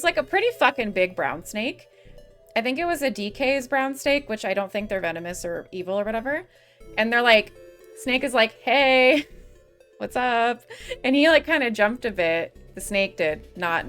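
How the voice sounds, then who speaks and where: A woman's voice: mid-range voice, fairly bright tone. Rambling, giggly young woman streamer. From US Midwest. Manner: rambling, giggly, swears freely. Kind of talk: casual gaming stream chatter.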